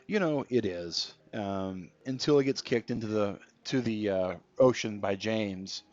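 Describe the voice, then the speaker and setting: Male streamer, low-pitched, easygoing chat over gameplay; dull stream audio. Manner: chatty, reads out viewer comments. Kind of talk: casual gameplay commentary.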